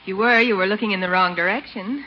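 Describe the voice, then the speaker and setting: A woman's voice: medium pitch, fast, close to an everyday voice. An actress playing a cool, teasing girlfriend in a 1940s radio comedy, dry and wry. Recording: dull old radio broadcast with faint hiss.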